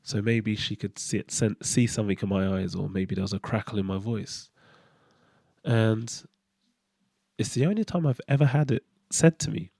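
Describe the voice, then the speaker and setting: A man's voice: lowish voice, moderate pace, gravelly, mellow, no echo, studio quality. A middle-aged man speaking a candid, hesitant personal monologue as a podcast host, with fillers and restarts.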